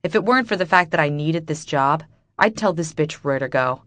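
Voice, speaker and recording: Low-voiced woman narrating an audiobook. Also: expressive, fairly quick, fairly bright tone, dry recording. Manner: bitter, wry inner monologue. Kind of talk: first-person audiobook narration.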